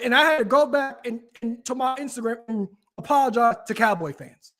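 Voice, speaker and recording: A man's voice: extremely high pitch, a little fast, hardly any pauses, fairly bright tone. A man hosting a casual talk show, ranting animatedly with frequent restarts. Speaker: podcast host. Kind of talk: casual chat.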